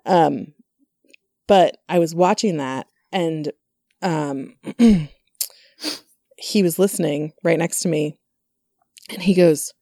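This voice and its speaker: A woman's voice: low-pitched, slow, pauses often, warm tone, dry recording, clean studio sound. A woman hosting a casual conversation, chatty, with many fillers and asides.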